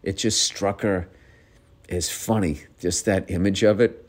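Low-voiced rambling middle-aged man. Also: steady tone, a little slow. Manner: rambling, profane, self-interrupting. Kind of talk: casual storytelling.

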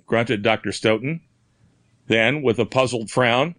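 A man reading a mystery story aloud in steady, measured audiobook narration. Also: fairly low pitch, no room sound.

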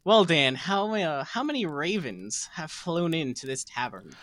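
A man's voice: a little high, very animated, measured pace, a bit bright, dry recording. A man hosting a podcast chat, playful and jokey with his co-hosts. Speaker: podcast host. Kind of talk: casual chat.

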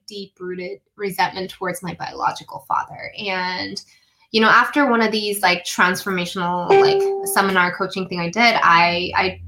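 In poor audio, an American woman's medium-pitched, sharp-toned voice carries an earnest personal story she tells as a conversation guest. She drops in frequent "um"s and "like"s and slows certain phrases to stress them.

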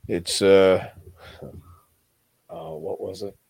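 A man's voice: low-pitched, animated, very slow, creaky, a little mellow, breathy edge, dry recording. A man as an interview guest, telling stories in a rambling way with many restarts and acted-out quotes. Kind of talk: casual storytelling interview.

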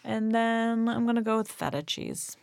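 A woman's voice: a little high, moderate pace, vocal fry, darkish tone, no room sound, studio quality. A woman from Canada chatting as an interview guest, laughing easily and talking around her words with fillers. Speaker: guest, nonprofit kitchen leader. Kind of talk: casual interview chat.

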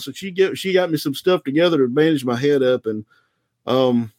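A man from the American South, a former wrestler, telling stories in a relaxed, rambling, self-deprecating way. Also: on the high side, a little fast, no room sound. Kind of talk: casual storytelling.

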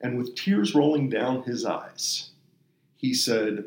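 A man hosting a podcast, telling earnest, emotional stories in a relaxed conversational way. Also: mid-range voice, takes it slowly, echoey room, rough recording. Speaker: podcast host. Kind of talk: conversational storytelling.

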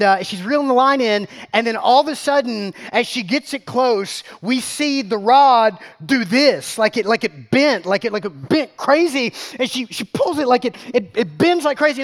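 Animated high-voiced pastor. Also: male voice. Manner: animated, repeats words, asks the crowd questions. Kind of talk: storytelling sermon.

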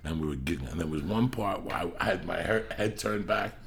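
A man's voice: sits low, a little fast, creaky, slight background noise. A middle-aged man hosting a podcast, telling a rambling, profane story in casual chat. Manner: profane, rambling, bursts into yelling when acting out quotes. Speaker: podcast host.

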